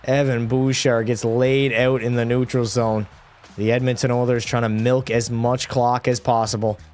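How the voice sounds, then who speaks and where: A man calls hockey video game action into a desk microphone at home, in a mid-range voice. He talks like a play-by-play announcer and breaks into excitable, frustrated outbursts. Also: mid-range voice, moderate pace. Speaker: gaming creator. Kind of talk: live gameplay commentary.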